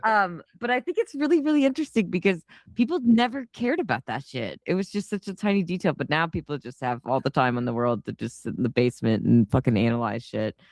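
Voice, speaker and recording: A woman's voice: low-pitched, fast, few pauses, a little mellow, no room sound, studio quality. A woman co-hosting a film podcast, chatting casually and animatedly, swearing often. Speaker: podcast co-host. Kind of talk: casual chat.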